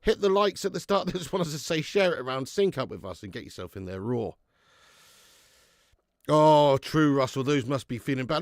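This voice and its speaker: A football fan channel host with a slightly high voice and lively intonation runs a live watch-along at a normal speed, recorded in clean studio sound with no room echo. He's sick with flu, and he talks bluntly and swears while bantering with viewers.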